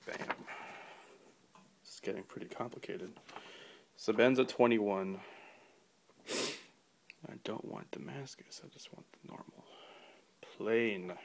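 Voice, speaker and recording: Low-voiced man rambling through a knife review. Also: fairly bright tone, slight background noise. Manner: rambling, many fillers and restarts; dry, offhand humor. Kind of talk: casual product review.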